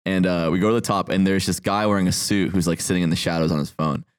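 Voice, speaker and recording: A man's voice: deep voice, fairly even intonation, fast talker, clean tone. A man hosting a podcast, telling a bar story in casual chat, swearing and laughing often. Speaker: podcast host.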